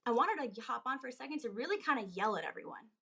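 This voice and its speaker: A woman fitness coach gives an emphatic motivational talk on a live stream recorded through a phone, building to urgent, pressing, pitched delivery. Her voice is gravelly, husky, and a bit bright, with lively intonation and a fast pace.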